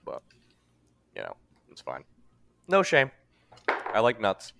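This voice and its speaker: A man's voice: fairly low pitch, huge pitch swings, slow pace, gravelly, background noise. A man hosting a casual podcast, rambling and breaking off mid-sentence, laughing at himself. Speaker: podcast host.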